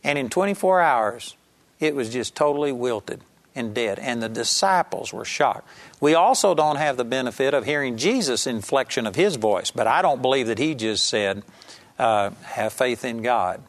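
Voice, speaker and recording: A man's voice: mid-range voice, normal speed. A man preaching a conversational Bible-teaching sermon, acting out scenes as he explains a passage. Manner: conversational, animated, acts out the scene.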